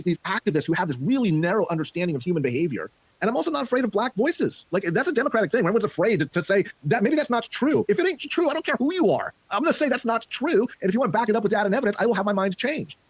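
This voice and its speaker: A man sounds off on a podcast in a rush of words, his voice pitched high and husky. He gets worked up and repeats himself as he pushes his point. The recording is dry and close. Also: no room sound. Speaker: political commentator. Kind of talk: heated podcast opinion.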